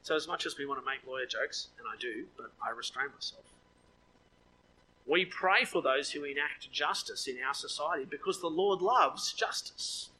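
A man preaching a sermon, lively with joking asides, his voice leaping up when he quotes. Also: fairly high pitch, moderate pace, breathy edge, rough recording.

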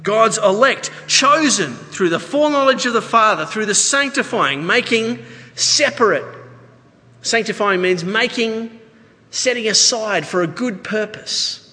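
Australian male pastor, high bright voice, conversational sermon, echoey church hall. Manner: conversational, animated preaching with asides.

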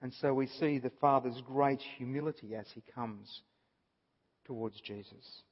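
A man's voice: medium pitch, measured pace. A man giving an earnest Bible study talk, explaining a passage and stressing points by repeating them. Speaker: Bible teacher. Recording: dull audio with long reverb.

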